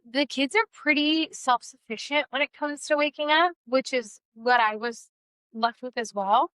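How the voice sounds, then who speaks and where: A woman's voice: high voice, normal speed, clear, resonant tone, no echo, poor audio. A middle-aged woman co-hosting a podcast, telling stories bluntly and profanely in casual chat. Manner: blunt and profane, lively storytelling. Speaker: podcast co-host.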